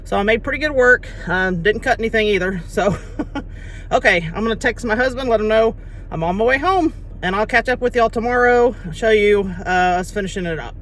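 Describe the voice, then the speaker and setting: A woman's voice: medium pitch, brisk, fairly bright tone, a little hiss or hum. A woman with a Texan accent talking casually to the camera outdoors on a ranch, chatty and laughing easily. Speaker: hunter vlogger. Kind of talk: casual vlog talk to camera.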